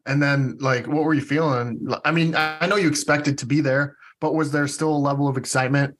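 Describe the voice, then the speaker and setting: A man's voice: on the high side, fairly even intonation, fairly quick, fairly bright tone, a little hiss or hum, low-quality recording. A man hosting a casual interview, asking questions in a friendly way and laughing often. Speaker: podcast interviewer.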